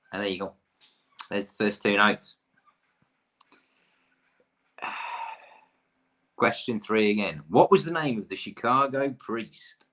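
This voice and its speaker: A man's voice: mid-range voice, bright, forceful tone, breathy edge. A man in his thirties from the UK, hosting a pub quiz with chatty, rambling, self-deprecating asides.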